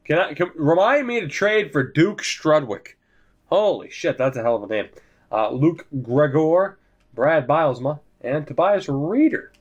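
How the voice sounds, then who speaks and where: A young man casually commentating his hockey video game, joking and swearing, swinging from low mutters to sudden shouts. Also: very animated, measured pace, slightly rough, muffled recording. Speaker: gaming commentator.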